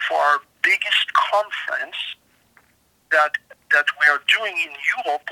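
A man's voice: a little high, bright, forceful tone. A man with a slightly scratchy voice, earnestly telling his story as an author interviewed on a show, stumbling and restarting as he goes. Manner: earnest, emphatic, with repeated restarts. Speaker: author and guest.

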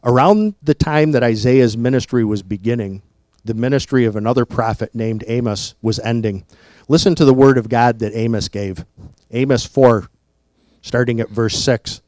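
A man preaching a sermon in a deliberate, emphatic way, often asking rhetorical questions. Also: mid-range voice, a little mellow, no echo.

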